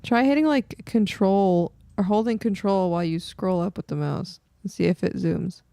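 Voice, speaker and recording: A woman's voice: mid-range voice, moderate pace, creaky, mellow. A woman co-hosting a livestream, reading chat comments and laughing often.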